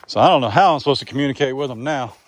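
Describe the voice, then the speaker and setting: This farm vlogger speaks very fast in a mid-range voice. Out on his farm, he chats folksily through casual narration and croons to his animals in a singsong tone.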